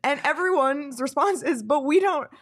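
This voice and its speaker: A woman's voice: sits high, normal speed, no echo. A woman co-hosting a sports talk show, dismayed, reading news updates aloud.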